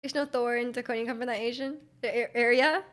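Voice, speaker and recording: Chatty woman, slightly high voice. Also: steady tone, fast talker, a bit bright. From Vancouver, Canada. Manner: rambling, filler-heavy with frequent "like", giggly. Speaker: live streamer. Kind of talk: casual chat, reading out chat.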